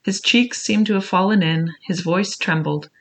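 A reader narrating a classic adventure novel in the first person, with measured, expressive storytelling. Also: mid-range voice. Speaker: audiobook reader.

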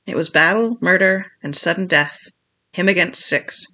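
A jumpy, shrewd old castaway sailor drawling his seafaring talk slowly, as an audiobook reader puts him on. The voice sits a little higher than the reader's own and rings bright and clear. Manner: old seafaring dialect, slow and pleading. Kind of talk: audiobook character voice.

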